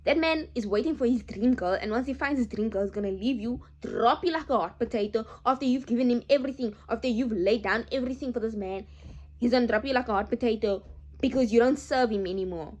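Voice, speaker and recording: A young woman talks straight to her viewers, emphatic and animated, often calling them "guys." Her voice sits a little high. She moves between heated opinion and quieter reflection. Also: fast talker, dull audio. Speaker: vlogger. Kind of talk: casual chat to camera.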